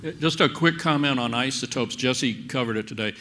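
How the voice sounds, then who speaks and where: A man's voice: medium pitch, fairly quick, bright, forceful tone, slight background noise. A man on a panel giving a plain, patient explanation of forensic science at a public briefing.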